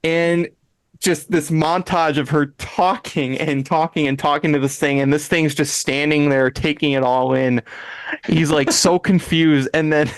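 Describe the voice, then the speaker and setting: A man's voice: a little high, a little slow, clear, resonant tone, no echo. A man hosting a podcast, animatedly retelling an episode with frequent laughs and restarts. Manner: animated, acts out characters' lines in voices; laughs often, restarts sentences. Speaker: podcast host. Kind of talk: casual chat, retelling an episode.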